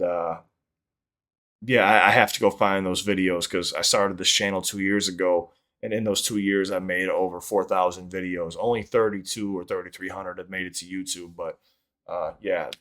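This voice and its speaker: A man telling stories casually from his home office, rambling and swearing, with lots of fillers and restarts. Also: low voice. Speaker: YouTube content creator. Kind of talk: casual storytelling to camera.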